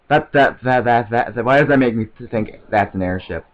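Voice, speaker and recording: A man giving casual, excitable gameplay commentary, rambling to himself and often stammering over restarts. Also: medium pitch, fairly quick, hardly any pauses, low-quality recording. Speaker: let's play commentator.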